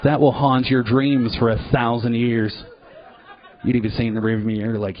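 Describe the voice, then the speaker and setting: A man performing a live stand-up set in a comedy club, animated and profane, jumping now and then into loud put-on voices. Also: medium pitch, normal speed, some chatter behind. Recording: dull lo-fi live recording.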